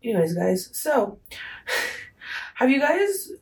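A young woman talks on her own podcast in a loose, rambling way, joking about herself as she goes. She now and then slips a quick Spanish phrase into her English chat. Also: fairly high pitch, sing-song, a little mellow, rough recording. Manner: chatty, rambling, self-mocking, drops Spanish phrases. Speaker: podcast host. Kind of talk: casual solo podcast chat.

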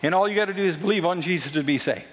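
A man's voice: high voice, racing, in a large hall. A man preaching a sermon as a pastor, emphatic and repeating phrases for stress.

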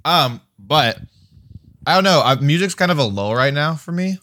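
A man's voice: on the high side, expressive, normal speed, pushed and bright. A young man co-hosting a podcast, talking loosely and rambling with lots of restarts. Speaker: podcast co-host. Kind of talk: casual chat.

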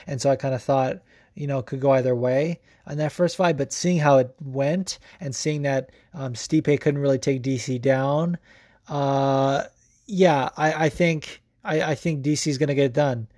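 A man's voice: mid-range voice, fairly even intonation, a little slow, darkish tone, no room sound, clean studio sound. A young man hosting a podcast, giving casual, profane sports commentary full of fillers. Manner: loose and profane, lots of fillers. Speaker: podcast host.

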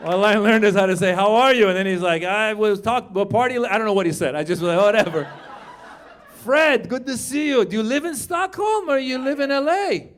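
Doing crowd work and acting out characters, this animated stand-up in his fifties performs at a comedy club. His high-pitched delivery moves at a quick pace with hardly any pauses.

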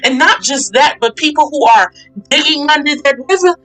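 A woman's voice: sits high, normal speed, a bit bright, soft background music, poor audio. A woman hosting a faith talk session, speaking fervently and emphatically in a preaching style, repeating her points.

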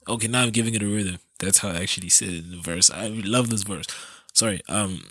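A man with a deep voice and a bright, forceful edge, chatting alone on his own show. He rambles, cuts himself off mid-sentence and laughs at his own slips. The sound is close and dry. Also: quick pace, dry recording. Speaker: podcast host. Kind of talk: casual solo chat.

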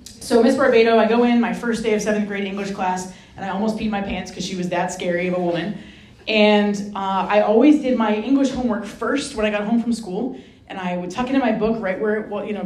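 A woman from Rhode Island, a Franciscan sister, telling a personal story as a guest speaker, lively and self-mocking, acting out the voices in her story. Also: medium pitch, fast. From Rhode Island, USA. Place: hall with an audience. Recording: roomy echo.

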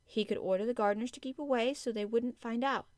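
Woman doing a bright, eager little girl, higher voice, dry sound, audiobook. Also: fairly even intonation, fast, no echo, natural voice. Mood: earnest. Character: young girl, eager and earnest. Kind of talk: audiobook character reading.

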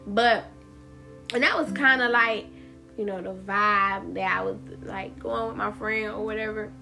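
A woman's voice: medium pitch, steady tone, measured pace, gravelly, sharp tone. A woman hosting a solo podcast, talking candidly and with plenty of profanity, her words running together. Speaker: podcast host. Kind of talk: casual solo podcast monologue. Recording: guitar music playing behind.

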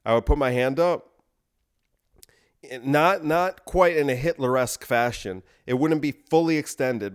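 A man hosting a podcast, delivering a deadpan comedic monologue of escalating absurd bits. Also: mid-range voice, clean tone. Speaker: podcast host.

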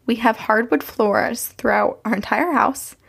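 A young woman with a gravelly, fry-laced voice co-hosts a casual podcast, spinning long personal stories in a chatty, meandering way. She laughs often between her sentences. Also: fairly high pitch, a little slow, a bit bright. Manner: chatty, rambling storyteller with frequent laughs. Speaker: podcast co-host. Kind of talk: casual chat, telling personal ghost stories.

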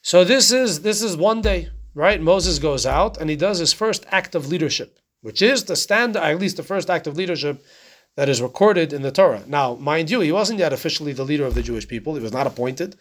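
Man, Torah teacher, casual class, slightly high voice, conversational, rhetorical questions. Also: lively intonation, a little fast. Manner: conversational, keeps asking "right?" and posing rhetorical questions.

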